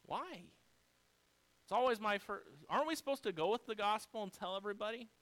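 Male pastor delivering a sermon, high and smooth voice, emphatic, fond of rhetorical questions. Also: fast, fairly bright tone, poor audio.

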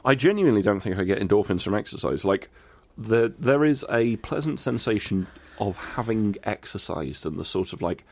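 A man co-hosting a podcast, chatting casually in a deadpan, grumbling way with some swearing. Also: lowish voice, moderate pace, gravelly, hardly any pauses, dry recording. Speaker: podcast co-host. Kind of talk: casual chat.

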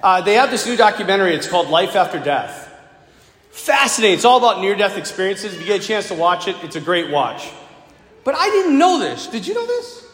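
A man's voice: high voice, big pitch swings, brisk, a bit bright. A man who is a Catholic priest, giving a conversational homily, telling a story with casual asides. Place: large church. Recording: echoey hall with long reverb.

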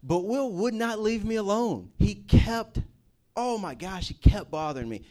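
A man's voice: sits high, animated, measured pace, mellow. A man preaching a personal testimony, telling it as a casual story with jokey asides. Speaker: campus ministry speaker.

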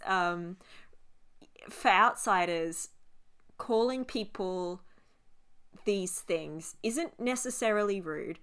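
An Australian woman co-hosts a podcast in loose, casual chat. Her voice is bright and forward, and she laughs easily, swears freely and quizzes her co-host. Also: medium pitch.

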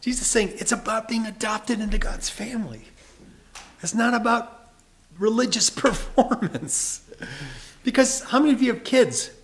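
Man, pastor, sermon, earnest and emphatic, light laughs, slightly high voice. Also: normal speed, creaky.

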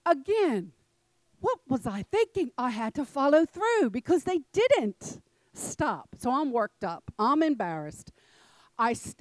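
A middle-aged woman, telling a personal story to a congregation in an animated, laughing way. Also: sits high, no echo, low-quality recording. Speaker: church speaker.

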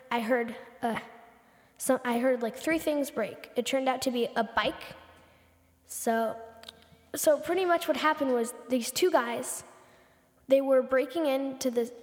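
A woman's voice: fairly high pitch, big-room sound. A teenage girl hosting a podcast, telling a story casually, with lots of "like" and repeated words. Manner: breathless retelling full of "like" and repeats. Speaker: podcast host.

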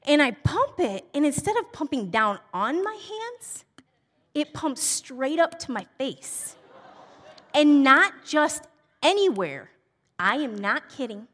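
A woman telling a funny personal story in a casual, exasperated, animated way. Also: sits high. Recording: long hall reverb.

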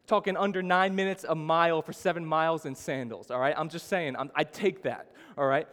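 Male pastor, sermon, animated storytelling, fairly high voice, long hall reverb. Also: brisk. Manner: animated storytelling with sudden rises in pitch and volume.

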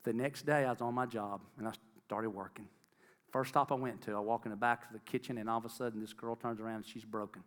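A middle-aged lay preacher delivers an earnest testimony sermon to his congregation, repeating phrases for emphasis and calling out to the crowd. His voice is fairly low and steady, a bit bright, and he talks fast, with the sound of a big room around him.

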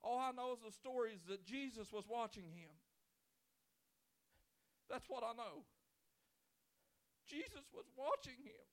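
A male pastor preaching a sermon in church, swinging from loud pleading to quiet, intimate talk. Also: very high voice, very animated, a little slow, long pauses. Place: church sanctuary.

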